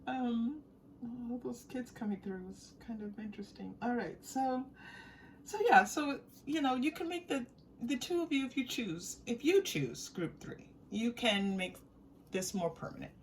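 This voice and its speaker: Speaking at a normal pace in a slightly high, expressive voice, this tarot reader chats with her viewers amid faint background noise. Warm and giggly, she laughs often and circles back over phrases while thinking aloud.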